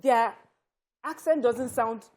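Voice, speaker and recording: A woman on a TV studio panel, giving her opinions with animated restarts and mid-sentence corrections. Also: on the high side, takes it slowly.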